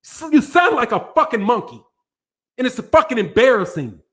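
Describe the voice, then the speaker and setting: A man's voice: extremely high pitch, very animated, normal speed. A man hosting a boxing channel, ranting angrily to a live audience in heavy profanity and repeating himself. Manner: angry, profane, repetitive.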